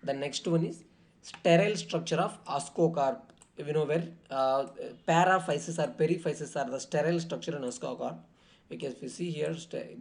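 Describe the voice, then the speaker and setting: A man's voice: mid-range voice, creaky. A man going through exam questions in a lecture, with many fillers and frequent self-corrections. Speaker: exam tutor.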